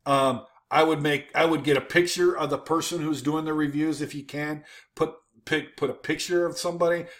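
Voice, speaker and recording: Man, slightly high voice, casual screen-share commentary, fillers and restarts, emphatic. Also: steady tone, normal speed, fairly bright tone. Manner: informal, many fillers and restarts, emphatic "boom". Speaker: host critiquing websites.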